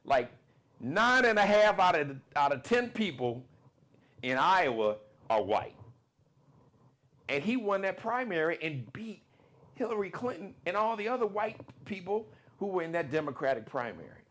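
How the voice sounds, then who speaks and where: A man hosting a live political commentary show, talking in an emphatic, repetitive monologue that swings between loud bursts and low asides. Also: very animated, moderate pace.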